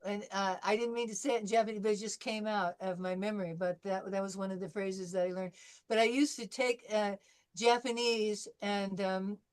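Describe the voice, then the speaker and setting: A woman's voice: medium pitch, steady tone, normal speed, clear, resonant tone. An older woman from California teaching a French class, chatting through anecdotes with fillers and restarts. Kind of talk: classroom lesson wrap-up.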